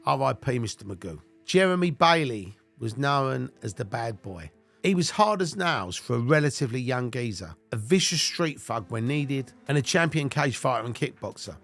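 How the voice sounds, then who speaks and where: A man's voice: mid-range voice, big pitch swings, normal speed, a bit bright, faint music behind. Profane, laughing English man telling stories. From England. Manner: blunt and heavily profane, breaking into laughter. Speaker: narrator recounting his own past. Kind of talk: casual anecdotal storytelling.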